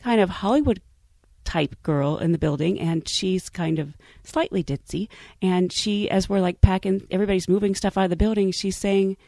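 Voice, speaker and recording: A woman recounting a personal story in an interview, wry and animated. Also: mid-range voice, normal speed, no room sound.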